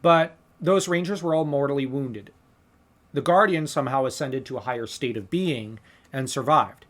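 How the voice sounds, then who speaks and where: A man's voice: mid-range voice, moderate pace, a bit bright. A man co-hosting a podcast, casually analyzing a movie scene shot for shot and earnestly laying out his own fan theories. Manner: earnest, theorizing, talks through ideas at length. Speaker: podcast co-host.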